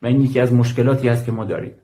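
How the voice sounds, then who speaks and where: Dark-voiced man in a measured statement. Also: mid-range voice, poor audio. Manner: measured, deliberately repeats himself. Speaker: medical aid worker. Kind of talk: recorded statement in a played clip.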